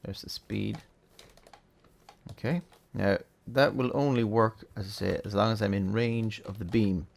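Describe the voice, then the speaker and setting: Male tutorial host, low gravelly tone, easygoing, thinks aloud, keyboard clicks behind. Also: unhurried. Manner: relaxed, chatty, thinking aloud with fillers. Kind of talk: casual gameplay tutorial.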